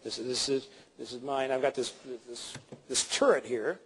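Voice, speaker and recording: A man's voice: medium pitch, normal speed. A middle-aged man teaching presentation skills in a live seminar, playfully acting out examples for his audience. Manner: animated, playful, acts out examples.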